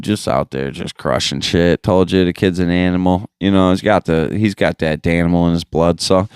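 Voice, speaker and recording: A man hosts a podcast in a slangy, loose and profane chat, talking straight into a podcast microphone. His voice sits fairly low and comes through smooth and clean. The sound is close and dry. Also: dry recording. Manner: laid-back and profane, full of slang and fillers. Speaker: podcast host. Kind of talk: casual chat.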